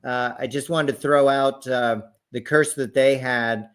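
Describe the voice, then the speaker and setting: A man's voice: mid-range voice, steady tone, a little slow, smooth. Hesitant man with a mid-range voice. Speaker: podcast co-host. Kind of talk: casual chat.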